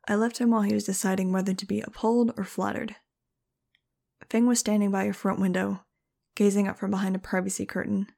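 A woman's voice: medium pitch, level tone, brisk, creaky, warm tone. A woman reading a first-person audiobook in a wry, casual storytelling manner. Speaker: audiobook narrator.

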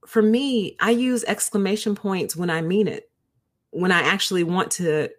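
A woman hosting a book review livestream, chatting casually and talking straight to her viewers. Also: fairly low pitch. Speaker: host of a book review show.

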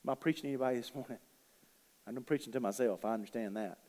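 A man preaching a sermon, telling stories and swinging between quiet asides and loud, emphatic bursts. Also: medium pitch, very fast, in a large hall. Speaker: pastor.

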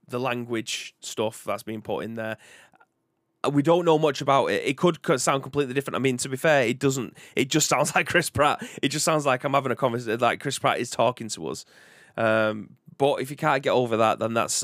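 A man's voice: medium pitch, a bit bright, no room sound, studio quality. A British man hosting a casual video game podcast, chatting in a rambling way and reading out viewer comments. He has a young son. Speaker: podcast host. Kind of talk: casual live-stream chat.

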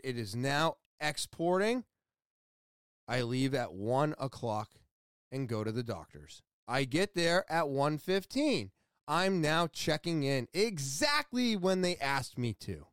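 A man talks casually on his podcast, his pitch swinging up and down as he tells a story and plays out each side of the exchange. His voice sits a bit high for a man, and the sound is close and dry with no room around it. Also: unhurried, no echo. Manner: animated, acts out both sides of conversations.

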